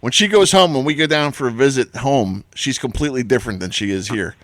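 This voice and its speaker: A man's voice: medium pitch, fast talker, a bit bright, dry recording. A man hosting a radio talk show, chatting casually with his guest and laughing often. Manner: laughs easily, affirms often. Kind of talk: casual interview chat.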